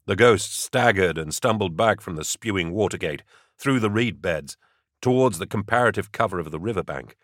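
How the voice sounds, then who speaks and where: A man narrating an audiobook in a steady, dramatic way. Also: deep voice, normal speed, dry recording, clean studio sound.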